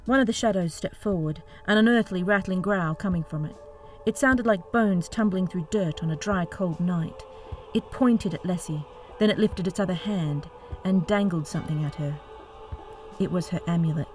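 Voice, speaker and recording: A woman reading an audiobook in an expressive, dramatic narration style. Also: fairly low pitch, moderate pace. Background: faint music.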